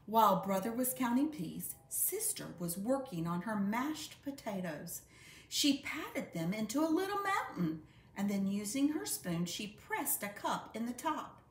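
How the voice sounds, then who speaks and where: Give me a woman reading a picture book aloud, slow and lively in pitch, in a roomy, echoing space. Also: slight background noise. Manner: expressive, unhurried storytelling. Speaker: storybook reader. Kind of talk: children's read-aloud. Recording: roomy echo.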